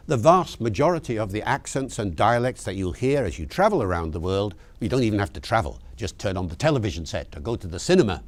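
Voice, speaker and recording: A man's voice: lowish voice, a little mellow. An older man speaking to teachers in a conversational lecture, emphatic and full of asides. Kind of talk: lecture-style talk to teachers.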